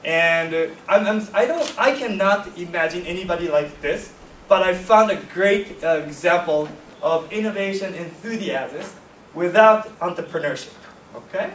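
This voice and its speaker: A man's voice: high-pitched, moderate pace, fairly bright tone, slight background noise. A man giving a workshop lecture casually, often checking in with "okay?" and "right?". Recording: echoey hall, voice from far off.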